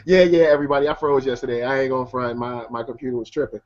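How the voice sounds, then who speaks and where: Laid-back slangy film reviewer. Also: male voice, mid-range voice, fairly even intonation, rapid-fire, a little mellow. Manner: laid-back slangy talk, laughs easily. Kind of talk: casual debate. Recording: muffled lo-fi video call audio.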